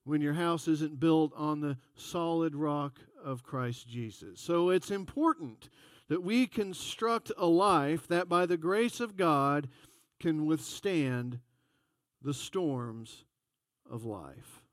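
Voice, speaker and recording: A man's voice: fairly high pitch, animated, slow pace, no echo, clean studio sound. A man preaching a sermon in a folksy, conversational storytelling way. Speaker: pastor.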